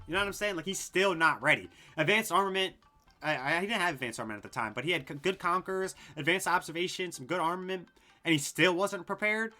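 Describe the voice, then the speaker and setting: A young man casually ranking anime story arcs, excitable and rambling, swearing a lot and full of fillers. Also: sits high, quick pace, soft background music. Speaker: anime video host.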